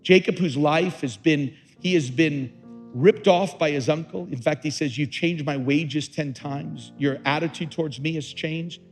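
A man preaching a sermon as pastor, moving between hushed, slow passages and loud, rising emphasis. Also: on the high side, faint music behind.

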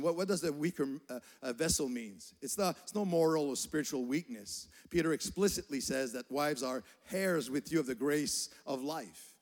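Older male pastor, earnest sermon delivery with stumbling repeats, slightly raised pitch, long hall reverb. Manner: earnest, repeats words while building a point. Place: church hall.

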